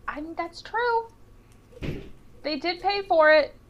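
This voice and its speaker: A woman's voice: extremely high pitch, animated, takes it slowly, muffled recording, slight background noise. A woman playing a tabletop role-playing game, asking polite, hesitant questions. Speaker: player.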